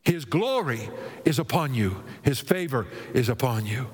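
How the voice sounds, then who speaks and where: A man preaching a sermon with dramatic delivery, swinging between high exclaiming and low hushed tones. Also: lively intonation, unhurried, slightly rough, long reverb tail.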